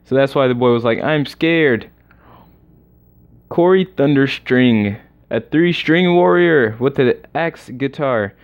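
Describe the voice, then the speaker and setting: A young man casually commenting on a game during a livestream, excitable and rambling as he reacts aloud. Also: mid-range voice, a little slow. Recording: slightly dull lo-fi recording.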